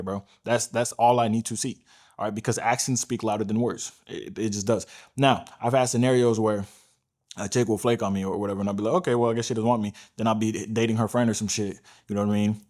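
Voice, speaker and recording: A man's voice: fairly low pitch, fairly even intonation, quick pace, darkish tone. A man giving blunt, profane dating advice to the camera, often tagging his points with "all right?" and "right?". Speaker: dating coach.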